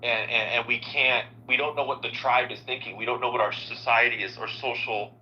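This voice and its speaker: A man's voice: mid-range voice, steady tone, fairly quick, bright, forceful tone, highs cut off. A man joining a political podcast as a guest, making earnest, lecturing points.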